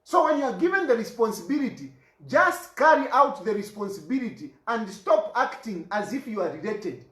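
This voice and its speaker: A man's voice: high voice, big pitch swings, moderate pace, fairly bright tone, echoey room. A Zambian man delivering an impassioned political rant, indignant and fond of repeated rhetorical questions. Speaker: political commentator.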